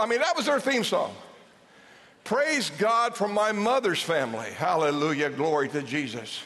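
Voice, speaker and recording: Older man, pastor, high voice; lively storytelling sermon, echoing church hall. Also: normal speed. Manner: animated, humorous storytelling with repeated phrases. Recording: long hall reverb.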